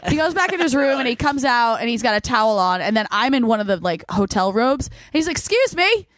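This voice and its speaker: A young woman co-hosting a podcast, telling a story in a casual, animated way with lots of fillers. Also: fairly high pitch, fast, no echo. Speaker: podcast co-host. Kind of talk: casual chat.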